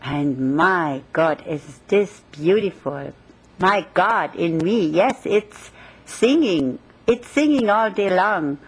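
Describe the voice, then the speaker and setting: A woman's voice: on the low side, animated, takes it slowly, husky, poor audio. A woman spiritual teacher giving a devotional talk in a meditative, reverent way.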